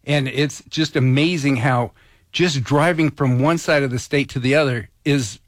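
A man's voice: medium pitch, moderate pace, no room sound, studio quality. A man chatting casually on a radio show, telling a story with enthusiasm. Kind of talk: casual chat.

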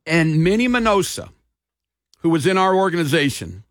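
A man's voice: on the high side, very animated, moderate pace, a bit bright, no echo, studio quality. A middle-aged man hosting a sports radio talk show, telling stories in a folksy, emphatic way.

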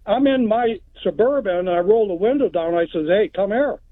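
A man's voice: sits high, expressive, brisk, no echo. A man from Texas calling in to a radio show, telling a story in a plain, folksy way. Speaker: caller. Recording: tinny phone line.

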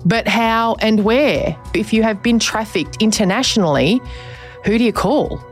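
A woman's voice: a little high, a little slow, faint music behind. A woman interviewer asking direct, probing questions, with blunt asides.

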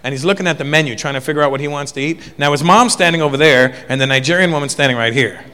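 A man doing stand-up comedy, telling a story excitedly and acting out the people in it. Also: fairly high pitch, racing, clean tone. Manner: excited storytelling with acted-out quotes. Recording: live hall with reverb and faint noise.

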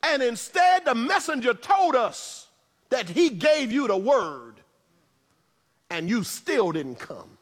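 A man's voice: very high-pitched, very animated, takes it slowly, long reverb tail, exaggerated voice. A man preaching, voicing an indignant grieving sister who feels let down, with an aggrieved, complaining cadence.

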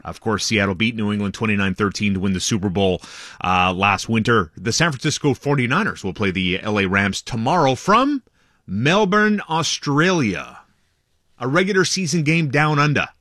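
A man's voice: lowish voice, expressive, normal speed, fairly bright tone, dry recording, studio quality. A man giving a loose, chatty sports update on morning radio, laughing along with the host. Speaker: sports reporter. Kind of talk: casual radio sports chat.

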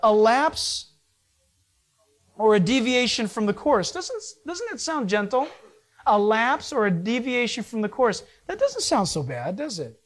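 Man, pastor, sermon, animated preaching, rises with emphasis, trails off low. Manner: animated preaching, pitch swings up and down.

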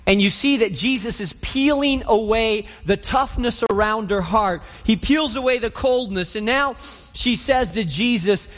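A man with a high voice preaching a sermon. He tells the story in an animated way and acts out the scenes. His voice carries through a church hall with a long reverb. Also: measured pace.

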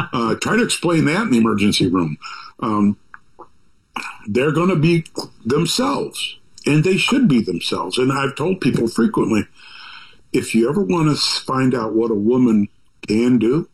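A man's voice: mid-range voice, low-quality recording. Older male author, mid-range voice, loose and folksy, reflective interview talk. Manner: rambling, folksy, with asides and restarts. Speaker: author talking about his book. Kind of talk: reflective conversational monologue.

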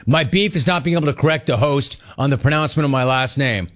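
A man's voice: medium pitch, fast talker. A middle-aged man hosting a live call-in show, reading viewer messages aloud in a brash, jokey, teasing manner. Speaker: talk show host.

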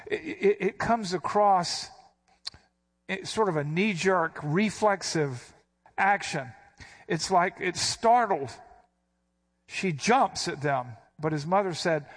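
A man delivering a sermon in a slightly higher-than-usual voice. He explains scripture verse by verse and leans hard on key words with dramatic inflection. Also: expressive, takes it slowly. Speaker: pastor.

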